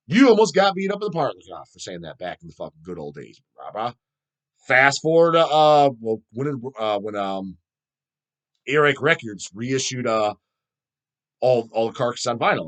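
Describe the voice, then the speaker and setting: A man's voice: mid-range voice, sing-song, moderate pace, fairly bright tone. Profane, heated middle-aged man ranting. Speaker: channel host. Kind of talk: ranting solo vlog.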